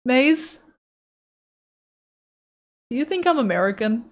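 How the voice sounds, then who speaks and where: A woman's voice: sits high, big pitch swings, takes it slowly. Playful woman streamer chatting while drawing. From Europe. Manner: playful, teasing, reads chat aloud. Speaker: art streamer. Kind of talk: casual live-stream chat while drawing.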